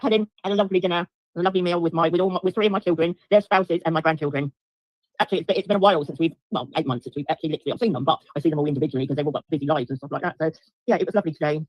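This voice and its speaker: A woman's voice: fairly low pitch, lively intonation, racing, no echo. A middle-aged woman, ranting angrily on a livestream, swearing constantly and repeating herself while answering viewers. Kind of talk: angry livestream rant to viewers.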